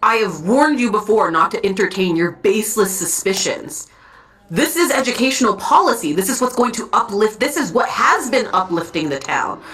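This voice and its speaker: A woman's voice: medium pitch, very animated, fairly quick, hardly any pauses, a little mellow, close to an everyday voice, rough recording. A woman voicing a weary stern elvish man. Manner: stern, level warning tone.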